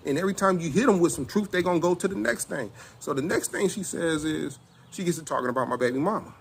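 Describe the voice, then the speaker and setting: A middle-aged man, telling a personal testimony in casual, animated speech and acting out both sides of an argument. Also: on the high side, quick pace, vocal fry, a little hiss or hum. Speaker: self-styled apostle telling a personal testimony.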